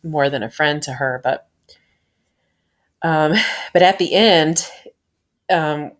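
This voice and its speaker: A woman's voice: deep voice, takes it slowly, a little hiss or hum. A woman in her thirties giving a rambling, gushing fan review of a TV episode, laughing and sighing as she talks.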